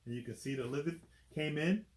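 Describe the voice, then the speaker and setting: A man's voice: fairly high pitch, a little fast, reverberant. A man reading a children's picture book aloud, chatty, stopping to explain the pictures and asking "right?" often. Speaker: volunteer reader.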